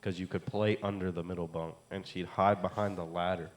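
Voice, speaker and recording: A man co-hosting a casual chat podcast, talking in a relaxed, halting way that repeats itself. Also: low-pitched. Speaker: podcast co-host.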